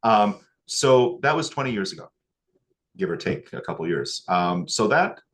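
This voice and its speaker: A man's voice: on the low side, sing-song, fairly bright tone. A man teaching acupuncture, telling a moving story from his training and getting choked up before returning to needling technique. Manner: emotional, choked up at times; pauses with fillers and restarts. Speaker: acupuncture instructor. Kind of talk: teaching a class with a personal story.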